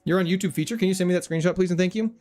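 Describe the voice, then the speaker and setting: A man streaming a video game, chatting casually with his viewers, joking around and reading their messages out loud. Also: high-pitched, racing, faint music behind. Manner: jokey, animated, reads chat aloud. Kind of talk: casual livestream commentary.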